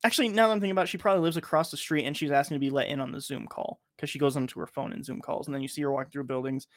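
Male podcast host, a touch high, dry close mic, rambling and profane. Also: fairly even intonation, very fast, dry recording. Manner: rambling, profane, lots of filler words. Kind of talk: casual chat.

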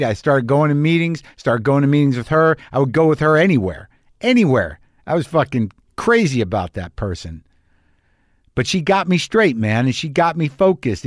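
A man's voice: medium pitch, no echo. Profane, self-mocking comic man, dry sound. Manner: profane, self-deprecating, rambling. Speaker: stand-up comedian. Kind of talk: confessional stand-up storytelling.

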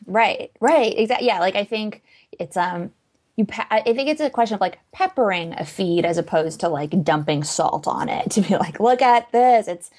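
A woman's voice: fairly low pitch, moderate pace, a little mellow. A young adult woman with a North American accent, a writer chatting as a podcast guest in a bubbly, chatty manner. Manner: chatty, bubbly, frequent "like" fillers. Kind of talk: casual chat.

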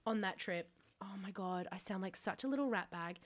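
A young Australian woman co-hosting a podcast, telling a story about herself in casual chat, self-mocking and quick to swear. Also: mid-range voice. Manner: self-mocking, laughs often, swears freely. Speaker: podcast co-host.

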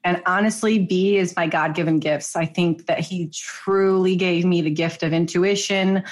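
A woman fitness coach who is a guest on a podcast, talking in a warm, earnest way with frequent laughs. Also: lowish voice, fairly even intonation, moderate pace. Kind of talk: podcast interview.

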